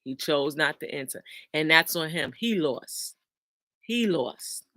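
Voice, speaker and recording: A slow, deliberate host speaks to viewers in a preachy, emphatic way, reading out comments and quoting scripture. The host repeats key lines for weight. The voice sounds dry and close, with no room echo. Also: mid-range voice, lively intonation, pushed and bright. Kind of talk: casual motivational talk with scripture.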